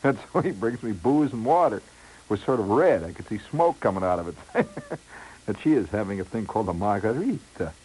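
A man's voice: fairly low pitch, very animated, fairly quick, a little mellow, low-quality recording. A middle-aged man telling a comic first-person story in a wry, rambling way with lots of asides. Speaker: radio storyteller.

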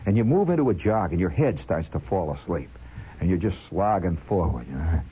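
Husky low-voiced male storyteller. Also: expressive, brisk, dark tone, poor audio. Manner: chatty, addresses the listener directly; imitates sounds with his voice. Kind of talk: spoken storytelling monologue.

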